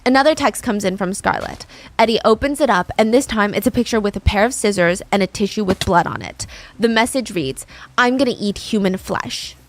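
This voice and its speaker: A woman's voice: mid-range voice, a little fast. A young woman casually telling a true crime story over gameplay, with lots of "like" and "I mean" asides.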